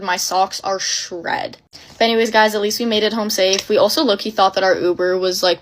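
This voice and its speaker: A woman's voice: mid-range voice, a little hiss or hum. Young woman telling a dramatic storytime. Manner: breathless, dramatic retelling full of fillers. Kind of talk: casual storytime.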